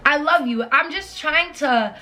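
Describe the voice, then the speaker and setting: A woman's voice: high-pitched, unhurried, pushed and bright. A young woman giving blunt, emphatic relationship advice in a casual vlog, repeating her points and swearing freely. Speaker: advice vlogger.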